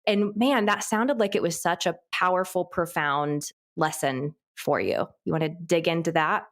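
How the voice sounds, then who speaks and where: Enthusiastic woman podcast host, slightly low voice. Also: moderate pace. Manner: enthusiastic, reflective, laughs easily, rises in pitch when excited. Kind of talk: conversational interview.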